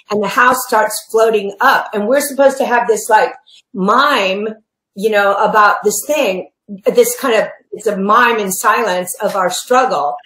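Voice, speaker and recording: A woman tells her story with lively energy, throwing herself into quoted lines and laughing often. Her voice sits fairly high. The room around her sounds echoey. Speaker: guest performer. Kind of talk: anecdotal chat over video call.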